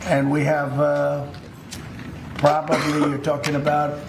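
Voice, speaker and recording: A man speaking at a press event, his voice fairly high and flat with a halting delivery. The clip sounds roomy, with faint noise in the room behind him. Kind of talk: public speech.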